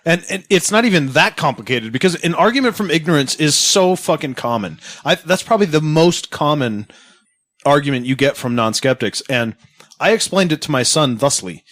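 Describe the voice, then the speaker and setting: Lively, expressive man in podcast banter. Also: fairly high pitch, moderate pace, dry recording, clean studio sound. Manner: expressive, swings into loud mocking outbursts. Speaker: podcast co-host. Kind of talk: casual chat.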